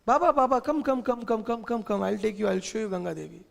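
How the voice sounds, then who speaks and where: A man's voice: high voice, animated, quick pace, vocal fry, full character voice. A man voicing the boy Krishna in a storytelling class, eager and pleading as he repeats his words. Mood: excited. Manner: urgent, pleading, breathless repetition. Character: playful young boy Krishna, eager and excited. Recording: long hall reverb.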